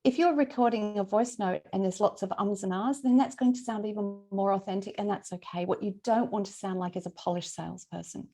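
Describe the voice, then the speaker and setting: Woman, webinar trainer; relaxed, chatty delivery with some vocal fry, on a video-call mic. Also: mid-range voice, fairly quick, hardly any pauses. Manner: friendly, conversational, checks in with attendees by name. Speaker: LinkedIn trainer presenting a webinar. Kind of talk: casual, chatty workshop teaching.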